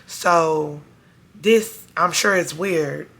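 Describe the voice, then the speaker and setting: A hoarse woman recapping a TV episode for her viewers in a sassy, casual, chatty way. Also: sits low, drawn-out words, a bit bright. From Chicago area. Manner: sassy, talks straight to her audience with slang. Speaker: TV show review vlogger.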